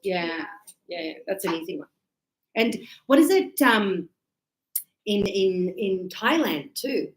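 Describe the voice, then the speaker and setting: A woman teaching an English lesson to a live class in a chatty, playful way, checking in with quick questions. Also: mid-range voice, animated, echoey room, a little hiss or hum, rough recording.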